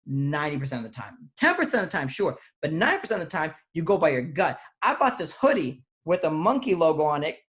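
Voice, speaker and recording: A man's voice: on the high side, big pitch swings, quick pace, few pauses, a bit bright. A man co-hosting a podcast, talking casually, rambling and swearing freely. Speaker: podcast co-host. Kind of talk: casual comedic chat.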